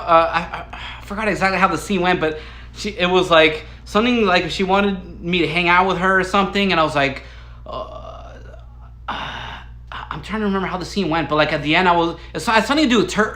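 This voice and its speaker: High bright-voiced guy rambling through a story, keeps tripping over his words, coughs now and then, echoey room. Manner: rambling, excitable, stumbles and restarts. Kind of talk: casual storytelling monologue.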